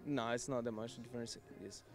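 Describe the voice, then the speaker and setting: A young man from Arizona, soft-spoken, giving brief answers. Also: mid-range voice, fairly even intonation, brisk, music in the background. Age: young adult.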